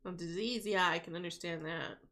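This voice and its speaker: A woman's voice: fairly low pitch, brisk, fairly bright tone. A young woman running a tabletop game as game master, chatty and giggly, snacking as she talks. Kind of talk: casual narration of a tabletop game.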